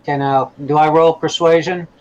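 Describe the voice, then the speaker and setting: A man playing a tabletop game, speaking haltingly with many hesitations. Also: a little high, fairly even intonation, darkish tone. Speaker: player. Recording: dull lo-fi sound.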